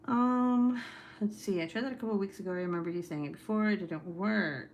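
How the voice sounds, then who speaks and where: A woman's voice: lowish voice, fast, slight background noise. A young adult woman hosting a casual livestream from home, chatting while reading comments, laughing often and swearing freely. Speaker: livestream host. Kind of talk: casual live-stream chat reading comments.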